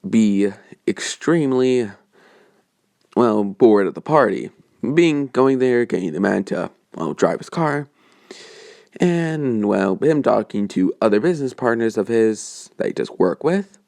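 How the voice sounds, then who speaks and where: Male storyteller, low gravelly voice, dry close sound, rambling improvised delivery. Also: expressive, measured pace, darkish tone, dry recording. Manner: rambling, hesitant, many fillers and self-corrections. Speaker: fan story narrator.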